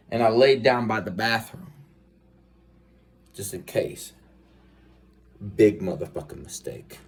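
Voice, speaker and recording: Profane, low-voiced male storyteller. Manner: profane, animated, acts out scenes. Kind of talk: casual comic storytelling.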